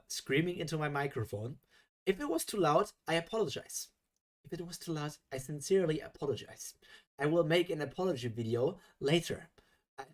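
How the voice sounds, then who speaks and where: Animated man reading a story aloud. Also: on the high side. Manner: animated, exasperated asides. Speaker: reaction streamer. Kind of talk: reading a fan story aloud with live reactions.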